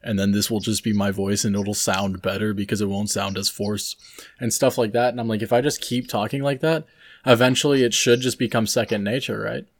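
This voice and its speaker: A young man chats on a casual podcast in a slightly low voice. He rambles and muses with plenty of "like" and "right?" thrown in. The talk is loose and unscripted. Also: steady tone, a little fast. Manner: rambling, filler-heavy, musing. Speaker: podcast co-host. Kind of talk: casual chat.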